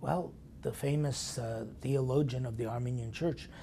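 A male priest delivers a weekly sermon with a gravelly edge and a dark, mellow tone. He leans hard on key words, then sinks into soft whispered asides, asking his listeners questions directly. A faint low rumble sits under his voice. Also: steady tone, moderate pace. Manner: emphatic, swinging between loud stresses and hushed whispered asides; talks straight to listeners with rhetorical questions. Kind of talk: sermon meditation broadcast.

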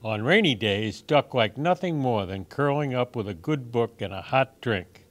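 A man reading picture books aloud for children in a gentle, expressive storytime manner. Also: mid-range voice, normal speed. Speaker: storytime reader.

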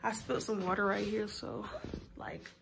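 A woman's voice: mid-range voice, flat delivery, normal speed, vocal fry, background noise. A young woman vlogging casually from her bedroom, talking straight to her viewers in a slangy, chatty way. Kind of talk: casual chat to camera.

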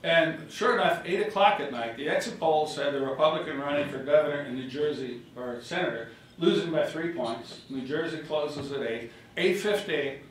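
A man's voice: a little high, distant mic, a little hiss or hum. Older man giving an echoey ballroom speech. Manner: storytelling, animated, acts out quotes. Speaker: former governor giving a speech. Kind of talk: political speech with anecdotes. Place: hotel ballroom reception.

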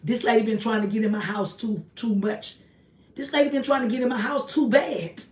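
A woman's voice: a little high, brisk, recorded from a distance. A woman, talking to her viewers in a casual livestream from her apartment, emphatic and repetitive as she preaches. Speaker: online ministry host. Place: small home apartment, indoors. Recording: echoey room, voice off-mic.

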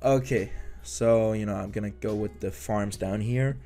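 A man's voice: on the low side, steady tone, normal speed, dark tone. Young male gamer commentating his match, profane and rambling, over faint game music. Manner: frustrated, rambling, swears and stutters. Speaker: gaming YouTuber. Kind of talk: casual gameplay commentary.

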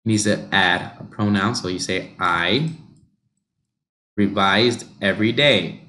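A man coaching pronunciation on a livestream, slowly modelling and repeating words for learners. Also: on the low side, pushed and bright. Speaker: pronunciation teacher.

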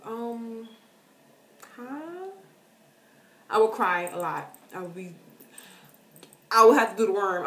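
A woman chatting to camera in an animated way, answering viewer questions and calling her viewers girl. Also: mid-range voice, roomy sound. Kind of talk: casual chat to camera.

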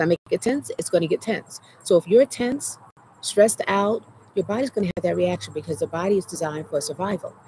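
A woman's voice: on the low side, poor audio. Earnest woman therapist in a cricket-filled garden. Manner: earnest, emotional, often checks in with "right?", slows to breathe. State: anxious, heart racing while retelling. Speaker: therapist and show host. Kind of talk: personal trauma story mixed with teaching. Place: outdoor garden. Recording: outdoor recording with loud cricket noise. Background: crickets and insects.

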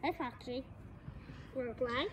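A woman's voice: high voice, measured pace, heavy background noise. A woman voicing a pesky, bossy boy who taunts and chases in a game role-play, silly and teasing. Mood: taunting.

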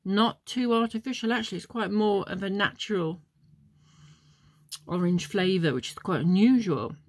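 A woman vlogger of medium pitch speaks at normal speed, recorded dry. She chats casually while tasting and reviewing chocolates, rambling into memories with plenty of ums.

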